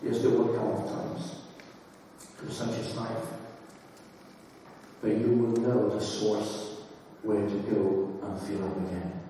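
A man's voice: on the low side, flat delivery, slow pace, mellow, a little hiss or hum. A man preaching a sermon to his church in a conversational way, with fillers and restarts. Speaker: pastor. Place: church hall. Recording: echoey hall from far off.

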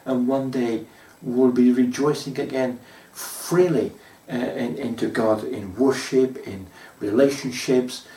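A man preaching a sermon as pastor, telling stories in a measured way with frequent pauses and fillers. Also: mid-range voice, warm tone, reverberant, distant mic.

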